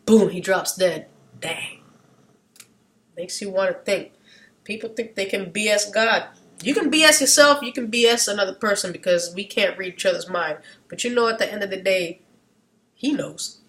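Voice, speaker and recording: A woman vlogger talking casually, wandering off into side rants, losing her train of thought, and getting loud at times. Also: medium pitch. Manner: animated, gets loud at times. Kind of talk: casual rambling monologue.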